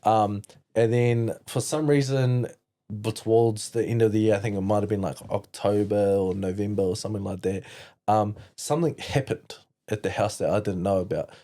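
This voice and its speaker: Laid-back New man, warm low voice. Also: fairly even intonation, moderate pace. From New Zealand. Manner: candid, rambling, lots of fillers and swearing. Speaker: podcast guest. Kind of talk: casual storytelling.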